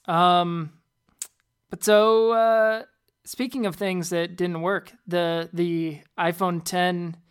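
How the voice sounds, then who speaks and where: A woman's voice: on the low side, little pitch movement, slow, clean tone. A woman co-hosting a podcast in casual tech chat, hesitant and often repeating words as she starts a sentence. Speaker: podcast co-host.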